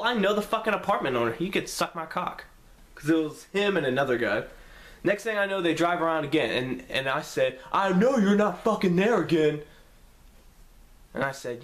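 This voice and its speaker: A young man vlogging a story to camera in a casual, profane, animated way, acting out what each person said. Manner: animated, profane, acts out quotes with pitch jumps.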